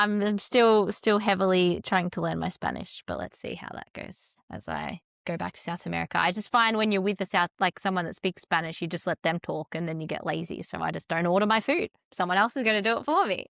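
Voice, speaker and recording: A young Australian woman talks easily as a podcast guest, her speech full of "like" fillers. Her voice sits a little low and carries a gravelly fry. The recording is dry and close. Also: expressive, fairly bright tone, no echo. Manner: chatty, fast-flowing, with frequent "like" fillers. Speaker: podcast guest, content strategist. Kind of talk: casual interview chat.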